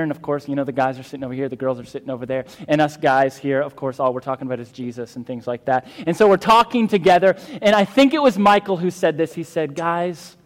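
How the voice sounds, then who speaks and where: A man's voice: medium pitch, darkish tone. A man preaching a sermon as a pastor, earnest and emphatic, with fillers and restarts. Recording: long hall reverb.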